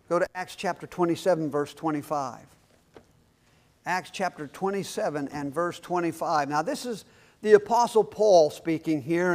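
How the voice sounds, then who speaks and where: High-pitched guy preaching a sermon in church, punchy, keeps asking the crowd "amen?". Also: a little mellow. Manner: emphatic preaching with call-and-response questions. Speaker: pastor.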